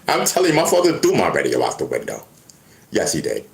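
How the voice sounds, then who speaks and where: A man's voice: extremely low pitch, fast talker, creaky. A man talking casually to camera, stammering and restarting often as he tells stories. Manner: animated storytelling with many restarts and stammers. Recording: echoey room.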